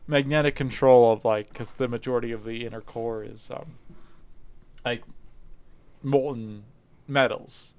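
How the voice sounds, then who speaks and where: Guy rambling in casual chat, smooth clear voice, lots of likes and ums. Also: medium pitch. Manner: rambling, halting, many fillers; laughs often, animated when joking.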